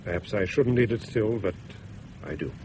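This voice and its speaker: An actor playing a reserved middle-aged father, dry and measured, in 1950s radio drama style. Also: fairly low pitch, lively intonation, background noise, natural voice.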